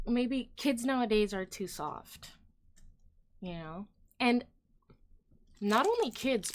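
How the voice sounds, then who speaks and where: A woman streamer talking to her chat at a slow, unhurried pace, with her pitch in an ordinary middle range. She rambles, fills gaps with "like" and "um," and often trails off mid-thought. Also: a little mellow. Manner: rambling, heavy use of "like" and "um", trailing off; chatty, addresses viewers directly. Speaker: livestream host. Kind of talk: casual opinion livestream, reacting to chat.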